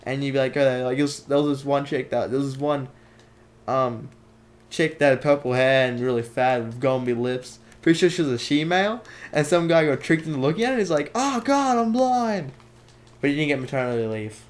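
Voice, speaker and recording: A man's voice: steady tone, fairly quick. Joking teen guy. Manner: joking, jumpy pitch. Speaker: podcast host. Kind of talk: casual chat.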